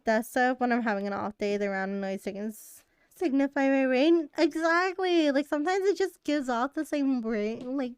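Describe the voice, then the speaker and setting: Chatty woman streamer, smooth higher voice. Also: moderate pace, no room sound, studio quality. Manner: rambling and chatty, laughs often. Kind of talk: casual live-stream chat.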